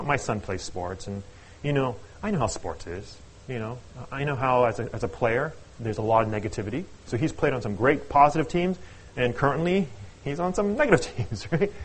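A middle-aged man preaching a sermon, telling stories with animated, playful asides. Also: mid-range voice, slightly rough, rough recording. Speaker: pastor.

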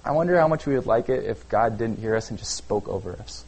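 A man preaching a sermon in a relaxed, conversational way, often checking in with "okay?" and using "like". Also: fairly low pitch, fast talker, hardly any pauses, husky, rough recording. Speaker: pastor.

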